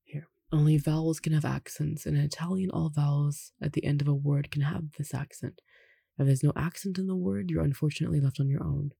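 A language tutor reading a pronunciation lesson aloud in an unhurried way, slowly spelling out examples and adding light asides. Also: mid-range voice, steady tone, gravelly, warm tone, husky, dry recording, clean studio sound. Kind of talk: reading an instructional text aloud.

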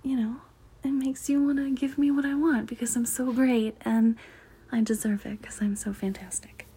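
A woman voicing a sweet, demure young princess in whispered role-play, high and soft. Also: steady tone, moderate pace, breathy edge. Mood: sweet, coy.

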